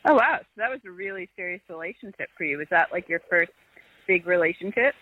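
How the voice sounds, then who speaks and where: A woman's voice: lowish voice, animated, quick pace, no echo. A woman interviewing a guest, asking chatty questions full of fillers. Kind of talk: casual interview chat. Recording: tinny phone-like line, dry.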